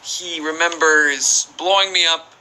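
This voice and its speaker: A man's voice: a little high, steady tone, measured pace, bright, forceful tone, a little hiss or hum, poor audio. A young man streaming a game, chatting casually and reading out viewer questions in a rambling, playful way. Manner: rambling, playful, reads chat aloud. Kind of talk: casual live-stream chat while playing.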